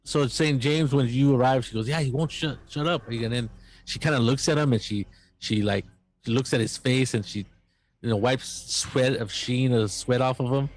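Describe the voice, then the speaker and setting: A man narrating as game master of a tabletop role-playing game, halting and full of fillers. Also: medium pitch, steady tone. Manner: halting, filler-heavy narration with quick voices for NPCs.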